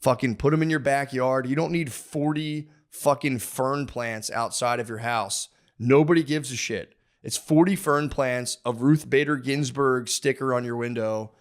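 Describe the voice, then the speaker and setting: A man's voice: medium pitch, normal speed. Profane, rambling male podcast host. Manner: rambling, profane, mock-aggressive. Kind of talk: comedic ranting monologue.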